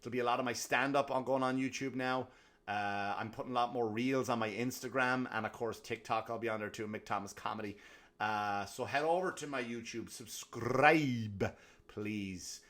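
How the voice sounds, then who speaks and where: A man hosting a comedy podcast, ranting casually with lots of swearing and self-deprecating asides, dropping to low mutters and then rising into loud bursts. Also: fairly even intonation, moderate pace.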